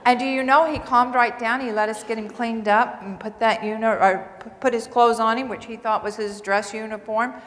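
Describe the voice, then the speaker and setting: Woman, nursing coach, earnest storytelling speech, slightly high voice, long hall reverb. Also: normal speed, hardly any pauses. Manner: earnest, animated storytelling to a crowd. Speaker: nursing assistant and professional development coach. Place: large hall before several hundred people.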